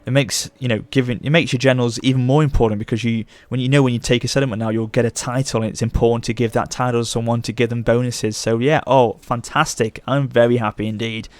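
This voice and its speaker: A young man commenting on his strategy game as a let's play host, gushing with excitement. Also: medium pitch, fast, few pauses, dry recording. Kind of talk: gameplay commentary.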